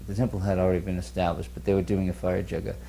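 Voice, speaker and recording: A man telling an anecdote in an interview, animated and acting out the quotes. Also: deep voice, rapid-fire, slight background noise, rough recording. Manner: animated storyteller who acts out the quotes.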